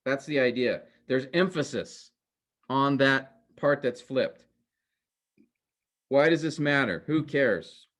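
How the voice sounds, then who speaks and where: With a mid-range, expressive voice and a fairly bright tone, this Bible class teacher speaks slowly and leaves long pauses. In the recorded lecture he explains step by step, calls his students "guys" and "men," and reinforces points through rhetorical questions.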